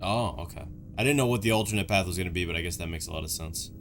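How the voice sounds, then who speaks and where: Low-voiced man rambling over videos. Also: racing, music in the background. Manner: rambling, joking, chatty asides. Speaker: YouTube commentator reacting to videos. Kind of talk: casual reaction commentary.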